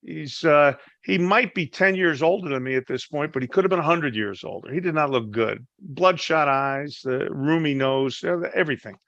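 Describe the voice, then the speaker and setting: A man, a Marine veteran, telling a story in a casual, animated way and acting out the people in it. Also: fairly high pitch, moderate pace, creaky, few pauses, no room sound, dull audio. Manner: animated, acts out voices in his anecdotes.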